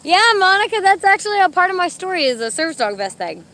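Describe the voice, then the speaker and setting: A young pregnant vlogger with service dogs chats casually to her live stream at an outdoor dog park, giving her dogs commands and sounding a little out of breath in the heat. Her voice is extremely high and sing-song, fast-paced, and a bit bright.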